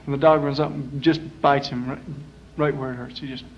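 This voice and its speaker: A man on a small club stage, telling a long shaggy joke in a loose, drawling way, with lots of pauses and fillers. His voice sits in a middle range. The recording is muffled and dull, like a 1960s live tape, with a faint hiss behind it. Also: medium pitch, little pitch movement. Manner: casual, drawling, full of "uh" fillers. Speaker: performer telling jokes on stage.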